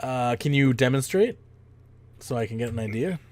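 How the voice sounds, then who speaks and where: A young adult man hosting a casual podcast, quick and self-mocking, ranting with bursts of laughter. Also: medium pitch, lively intonation, a little mellow. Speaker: podcast host.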